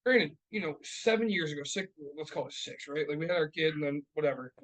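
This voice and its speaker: A man's voice: fairly high pitch, fairly quick, fairly bright tone, poor audio. A man in his thirties co-hosting a casual podcast, telling stories in a heated, profane rant. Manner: profane, ranting, heated storytelling. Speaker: podcast co-host. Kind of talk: casual chat. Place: podcast studio.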